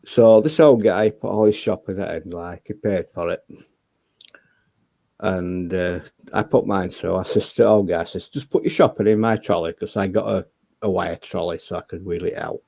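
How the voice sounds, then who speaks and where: A man's voice: low voice, moderate pace, gravelly, mellow, no room sound. A man, bluntly telling stories and swearing freely in casual chat. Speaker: debate show guest.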